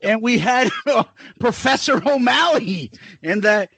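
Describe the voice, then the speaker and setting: Gravelly high-voiced man swearing and laughing. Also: animated, unhurried, fairly bright tone, no echo. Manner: profane, laughing, tells stories. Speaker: podcast co-host. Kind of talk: casual chat.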